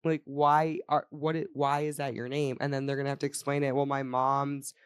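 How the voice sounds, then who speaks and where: A woman's voice: low voice, flat delivery, a little fast, clear, resonant tone, no echo, clean studio sound. A young woman co-hosting a podcast, chatting casually with strong opinions, frequent swearing and laughter. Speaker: podcast co-host. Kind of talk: casual chat.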